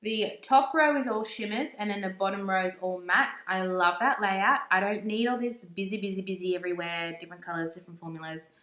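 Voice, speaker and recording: Woman, young adult, chatty and gushing, crisp bright tone, echoey room. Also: medium pitch, a little fast, few pauses. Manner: gushing and chatty, with frequent "like" fillers. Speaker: beauty vlogger. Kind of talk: casual makeup review chat.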